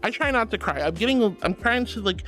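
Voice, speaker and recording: High-voiced guy streamer, super affectionate, bouncy all over the place, calls everyone sweetie. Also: fairly quick, soft background music. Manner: gushing and affectionate, calls viewers sweetie and honey; excitable, gasps and laughs often. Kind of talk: casual chat reading viewer messages.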